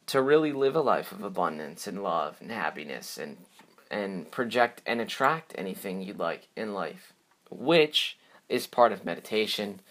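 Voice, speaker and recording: In a lowish, sing-song and slightly bright voice at normal speed, a man signs off his own podcast. He talks by himself, casually and cheerfully, rambling along with lots of fillers and restarts.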